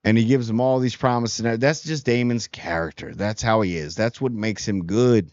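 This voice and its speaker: A man's voice: on the low side, moderate pace, a little mellow, no room sound, muffled recording. A man casually reviewing a TV episode in a rambling, slangy way, paraphrasing characters as he goes. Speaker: show host reviewing TV.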